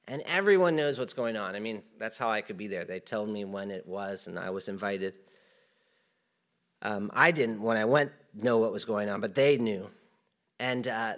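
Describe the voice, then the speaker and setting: A man teaching a Bible study in a relaxed, conversational way, with many fillers and asides, reading the verses aloud with more force. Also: medium pitch.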